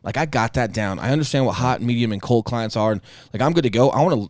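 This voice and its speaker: A man's voice: medium pitch, animated, fast talker, a little mellow, dry recording. A man in his thirties co-hosting a podcast, telling a blunt, profane story in casual chat and acting out the voices of the people in it. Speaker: podcast co-host.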